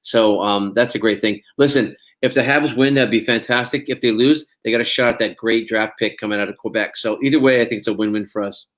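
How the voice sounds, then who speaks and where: A man's voice: lowish voice, a little fast, hardly any pauses, fairly bright tone. A man, an actor being interviewed, talking casually and rambling with many restarts.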